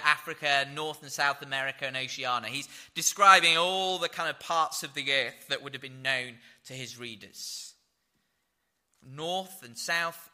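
Male preacher, very bright voice pitched a little high, steady expository sermon. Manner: expository Bible teaching with fillers.

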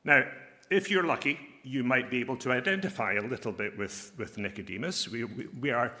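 Male chaplain giving a sermon, earnest, leans hard on key words, sharp bright tone. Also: medium pitch. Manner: earnest, emphatic, slows down to stress key phrases. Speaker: pastor and military chaplain.

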